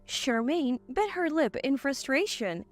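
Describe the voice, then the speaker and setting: A woman narrating a family drama story in the first person, in a steady storytelling manner. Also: sits high, unhurried.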